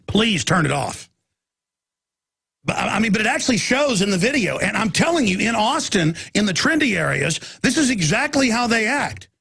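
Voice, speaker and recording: A man in his forties hosting a radio talk show, telling a rambling story and breaking into high mocking squeals when he imitates people. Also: sing-song, moderate pace, vocal fry, sharp tone, husky.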